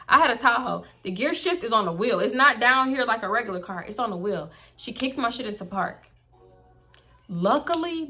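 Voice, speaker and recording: Bright-voiced, blunt woman telling a story. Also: on the high side. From Houston, Texas. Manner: animated, blunt and profane. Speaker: storytime vlogger. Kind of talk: casual storytelling.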